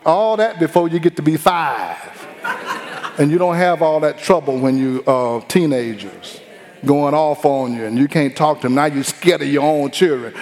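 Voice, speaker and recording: A middle-aged man preaches in a folksy, joking way and acts out the voices in his stories. His voice sits fairly high for a man. It rings with the long reverb of a large hall. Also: expressive, normal speed, darkish tone. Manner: folksy, humorous storytelling with acted-out quotes. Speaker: pastor. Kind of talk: sermon.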